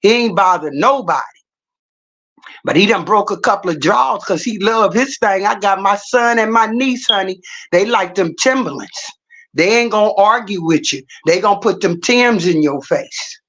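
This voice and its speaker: A woman's voice: mid-range voice, animated, normal speed, fairly bright tone. A middle-aged woman livestreaming, telling stories in a blunt, profane, casual rant.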